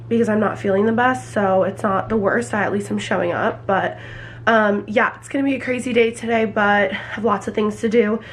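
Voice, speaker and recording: A woman's voice: medium pitch, a little hiss or hum. A young woman in her twenties chatting casually to camera in a sweary, filler-heavy vlog, feeling sick. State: sick and congested. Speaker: lifestyle vlogger. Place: at home indoors.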